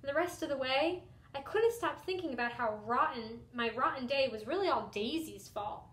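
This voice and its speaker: A young adult woman, a teacher, reading a picture book aloud to children in an expressive first-person style. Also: high voice, normal speed. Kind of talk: storybook read-aloud for children. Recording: roomy echo.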